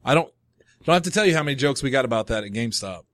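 A man's voice: medium pitch, lively intonation, very fast, fairly bright tone, dry recording, clean studio sound. A man co-hosting a podcast, joking and teasing in casual chat and swearing freely. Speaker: podcast co-host.

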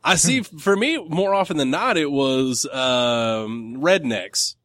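A man's voice: a little high, lively intonation, slow, fairly bright tone, no echo, clean studio sound. A man co-hosting a podcast in casual chat, explaining things at length with frequent laughs. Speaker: podcast co-host.

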